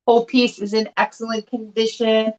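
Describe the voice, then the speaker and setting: A woman's voice: a little high, little pitch movement, moderate pace. Chatty woman with muffled lo-fi sound. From not from the South. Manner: chatty, enthusiastic, laughs often. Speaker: co-host glass seller. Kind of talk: casual live sale chat.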